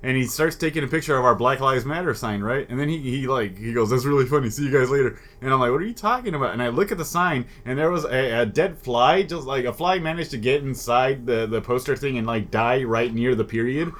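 A man co-hosting a casual comedy podcast, rambling and profane with deadpan jokes. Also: mid-range voice, a little fast, hardly any pauses. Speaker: podcast co-host. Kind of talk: casual crude comedy chat. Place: California.

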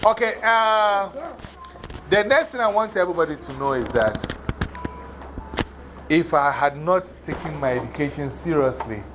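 A man with an African accent speaks to a class of schoolchildren in a fairly high voice. He lays out his points emphatically, repeats them and keeps asking whether everyone understands. Faint room noise sits under his voice. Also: lively intonation, normal speed, pauses often. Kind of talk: motivational classroom talk.

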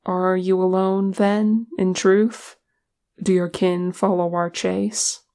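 A reader voicing a wary male elf with a dry sense of humor, who speaks in a measured, careful way. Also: medium pitch, flat delivery, dark tone.

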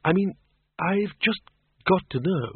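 A man voicing a tired, polite old male zombie wizard who speaks slowly and apologetically in a storybook reading, on a thin, tinny recording. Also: high voice, expressive, slightly rough, voice pushed up, heavily acted. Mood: gentle. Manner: slow, drawn-out, apologetic.

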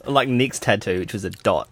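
A man's voice: medium pitch, heavy background noise. A young man in casual podcast chat, dry and laid-back, laughing often. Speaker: podcast co-host.

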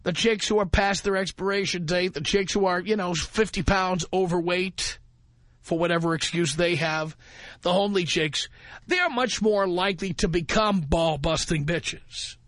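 A man's voice: high-pitched, moderate pace, a bit bright, no echo. A man hosting a talk radio show, speaking into a studio microphone with a provocative, emphatic delivery that keeps hammering the same phrase. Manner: provocative, emphatic, repeats his catchphrase.

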